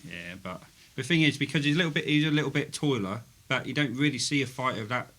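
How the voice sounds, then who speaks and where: A man's voice: medium pitch, animated, fast talker, fairly bright tone. A man, a boxer co-hosting, breaking down a fight in a plain, clipped way. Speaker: boxer co-host. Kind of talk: casual fight analysis.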